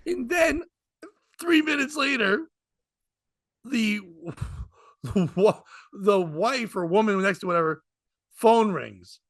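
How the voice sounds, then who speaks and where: Bright, tense-voiced male comedian, dry sound. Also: high-pitched, slow pace, long pauses, no room sound. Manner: animated, acts out quoted voices. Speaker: comedian and podcast host. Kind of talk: casual storytelling chat.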